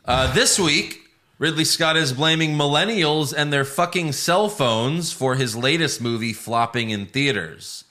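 A man's voice: a little high, a little slow, pushed and bright. A man co-hosting a podcast, reading out entertainment news with wry, sardonic asides and casual chat.

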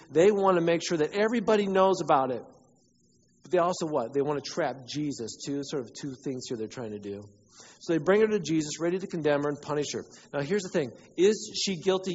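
A man's voice: on the high side, darkish tone, husky. A man preaching a sermon as pastor, emphatic and asking his congregation questions. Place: church sanctuary. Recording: dull sound, long reverb in a large hall.

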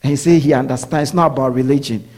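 This sermon comes from a man speaking very fast in a steady, darkish, mid-range voice. He circles back over his points repeatedly and often checks that his listeners are following.

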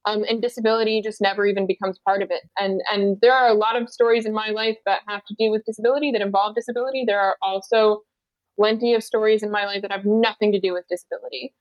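A woman, an actor guest in a casual interview, talking in a chatty way with restarts and quick laughs. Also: mid-range voice, fairly even intonation, no echo, lo-fi sound. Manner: chatty, many restarts and likes, laughs easily.

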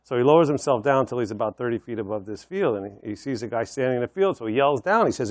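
A middle-aged man, a record executive, telling animated stories as a guest in an interview. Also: mid-range voice, quick pace, few pauses, no echo. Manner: animated storyteller, acts out voices in anecdotes. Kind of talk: interview storytelling.

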